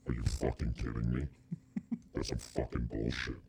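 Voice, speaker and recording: A man voicing a crude, vengeful male devil through a deep pitch-shifting effect, with a gravelly, profane manner. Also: little pitch movement, moderate pace, heavy background noise. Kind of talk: comedic improvised impression.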